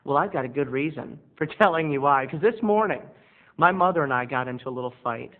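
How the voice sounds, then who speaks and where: Man's slightly high voice over tinny lo-fi audio. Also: lively intonation, brisk. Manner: rambling, self-mocking, breaks into quoted voices. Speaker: video blogger. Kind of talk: confessional comic monologue. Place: home bedroom studio.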